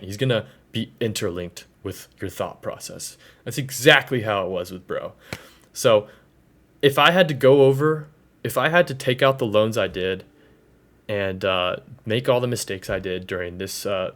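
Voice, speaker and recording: A vlogger in his twenties rants casually to the camera about college, loose and slangy with lots of fillers. His voice is fairly low and a bit bright, at a moderate pace.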